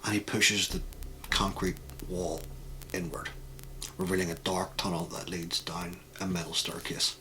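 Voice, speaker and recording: Deep voiced guy running a tabletop game, calm descriptive narration, hissy noisy background. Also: unhurried. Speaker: game master.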